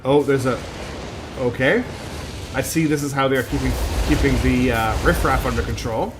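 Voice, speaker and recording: A male streamer talking over his game in a relaxed, chatty way, thinking out loud and joking at his own expense. His pitch sits mid-range, with faint game music underneath. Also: moderate pace. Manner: chatty, laughs at himself, thinks aloud. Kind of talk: casual let's-play commentary.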